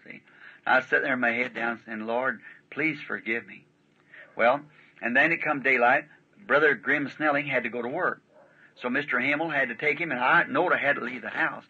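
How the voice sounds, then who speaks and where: A preacher tells his story in a bright, forceful voice with a husky grain, folksy and rambling, checking in with his listeners again and again. He comes through a dull, muffled archival tape. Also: medium pitch, fairly quick. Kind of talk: sermon storytelling.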